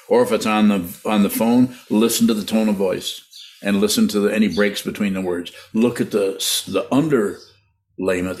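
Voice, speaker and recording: A man teaching meditation and answering listener questions, halting often and repeating words, with frequent laughs. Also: on the low side.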